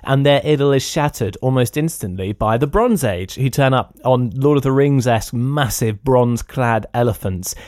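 A man's voice: mid-range voice, moderate pace, hardly any pauses, a little mellow, no echo, clean studio sound. A man hosting a podcast who reviews films in a chatty, enthusiastic way and talks directly to his listeners. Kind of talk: casual spoken film review.

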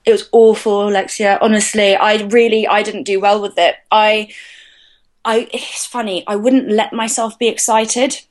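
A woman's voice: medium pitch, level tone, moderate pace. Candid woman sharing a personal story. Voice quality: chatty, hesitant, many fillers and restarts. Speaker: podcast guest.

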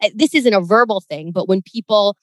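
A woman's voice: mid-range voice, brisk, no room sound, low-quality recording. A middle-aged woman co-hosting a casual podcast, emphatic and exasperated as she complains about grammar slips. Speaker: podcast co-host.

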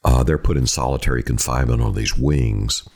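A man's voice: a bass voice, brisk, darkish tone. A middle-aged man, a true crime reporter telling stories in an interview and acting out the voices he quotes. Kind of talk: storytelling in an interview.

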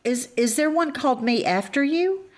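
A woman co-hosting a casual book chat, measured and thoughtful, gently teasing. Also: high-pitched, animated. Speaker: co-host.

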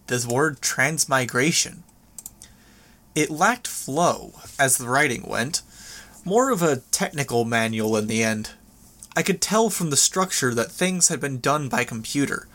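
Man narrating an audiobook, steady and measured. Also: mid-range voice. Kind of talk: first-person audiobook narration.

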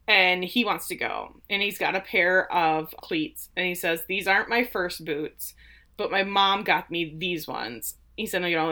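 A woman's voice: on the low side, pushed and bright. A woman co-hosting a casual chat, animatedly retelling scenes and acting out quoted lines. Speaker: podcast co-host. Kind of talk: casual chat recapping a show.

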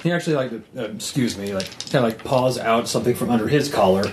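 A man narrating a tabletop game as game master, talking in a loose, animated way with many fillers. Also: medium pitch, fast talker, a little hiss or hum.

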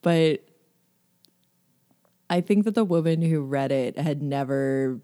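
A woman chats on her podcast in a lowish voice. She is chatty, laughs a lot and slips into imitations. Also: slow, warm tone. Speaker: podcast co-host. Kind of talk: casual chat.

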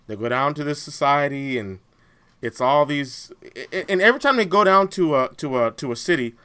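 A man co-hosting a podcast in casual chat, animated and laughing often, restarting his sentences as he goes. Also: a little high, fairly quick, clean tone. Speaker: podcast co-host.

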